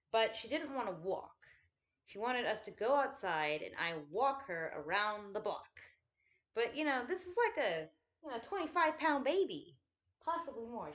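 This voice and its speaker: A woman's voice: medium pitch, a bit bright. A woman chatting casually at home while folding laundry, rambling and swearing freely with self-deprecating asides.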